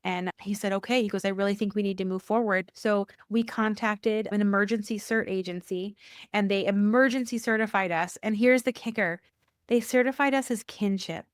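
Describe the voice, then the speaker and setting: A woman of middle pitch tells a personal faith story as a podcast guest. She brings quoted dialogue to life with jumps in her voice and repeats phrases for emphasis. The recording is dry and close, with no room sound. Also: moderate pace, no echo. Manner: animated, acts out quoted dialogue with rising pitch. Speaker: church worker.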